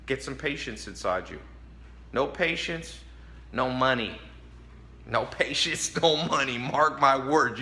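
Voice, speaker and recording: A man delivering a casual motivational monologue to camera in an emphatic, preaching tone. His voice is bright and forceful, and he sits at an ordinary pitch for a man. He chuckles between his points and keeps eating while he talks. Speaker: vlogger giving life advice.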